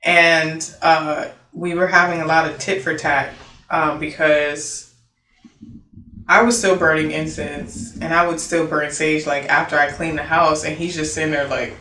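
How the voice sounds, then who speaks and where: A young woman of Haitian origin telling a personal story in casual, animated talk, full of fillers and quoted dialogue. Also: low voice, measured pace. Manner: animated, filler-heavy, quoting herself and others. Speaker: interview guest. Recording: roomy echo, distant mic, faint noise.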